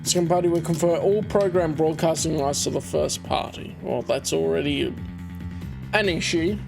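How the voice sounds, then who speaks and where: A woman's voice: low-pitched, vocal fry. A woman chatting casually as she plays a game, reading its text aloud with wry remarks. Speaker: streamer playing a game. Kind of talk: casual let's-play commentary.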